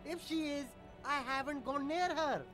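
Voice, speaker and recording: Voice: sits high, moderate pace, music in the background, lightly acted. A voice actor playing a defensive, boastful street vendor in a video game who keeps dodging questions with rambling denials. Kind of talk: game voice acting.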